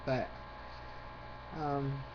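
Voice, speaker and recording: A woman's voice: rumbling low, level tone, drawn-out words. Woman ranting, rambly and fired up, kinda muffled recording w/ faint hiss behind. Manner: rambling, loses her train of thought; indignant, ranting. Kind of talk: rambling monologue to camera. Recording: slightly muffled with faint background noise.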